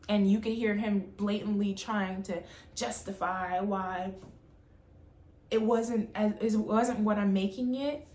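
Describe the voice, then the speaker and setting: A young adult woman telling a personal storytime tale in an animated, emphatic way. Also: medium pitch, roomy sound, slight background noise. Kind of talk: storytime monologue.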